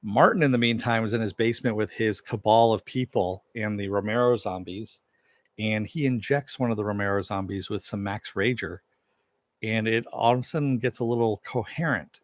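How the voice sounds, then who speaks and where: A man's voice: lowish voice, moderate pace, dry recording. A man giving a casual spoken recap and review of a TV episode, in a loose, conversational way, with frequent filler phrases and offhand swearing.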